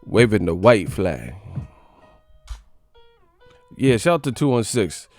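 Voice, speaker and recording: A man hosting a boxing channel livestream, chatting casually with slangy, profane banter and shout-outs to viewers. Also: fairly low pitch, sing-song, takes it slowly, no echo, soft background music. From California.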